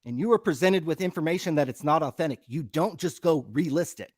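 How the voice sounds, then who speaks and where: A man's voice: fairly high pitch, expressive, a little fast, no room sound, studio quality. A man co-hosting a live show, ranting with heavy profanity and emphatic, worked-up conviction. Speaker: podcast co-host. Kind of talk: heated live-stream rant.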